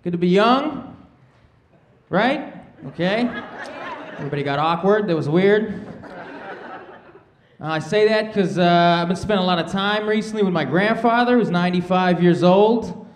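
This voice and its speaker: High-voiced man doing laid-back stand-up. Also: moderate pace, long pauses. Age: 30s. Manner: laid-back, conversational, peppers lines with "man" and "right?". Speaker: stand-up comedian. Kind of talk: stand-up comedy set. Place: comedy stage before a live audience.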